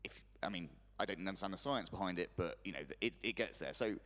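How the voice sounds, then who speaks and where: A man's voice: sits low, quick pace, sharp tone. A man moderating a conference panel, rambling through joking asides between questions. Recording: reverberant conference hall.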